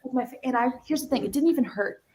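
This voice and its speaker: Young female guest, bubbly and giggly, rambling anecdote over a video call, a touch high. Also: rapid-fire, a little hiss or hum. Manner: animated, giggly, lots of "like". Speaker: interview guest, singer. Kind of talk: casual interview storytelling.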